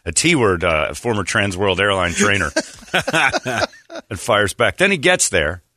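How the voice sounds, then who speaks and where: A man's voice: fairly low pitch, a little slow, no room sound, clean studio sound. A man hosting a radio show, telling a story in casual chat and acting out the people he quotes. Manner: animated storyteller, acts out quoted voices.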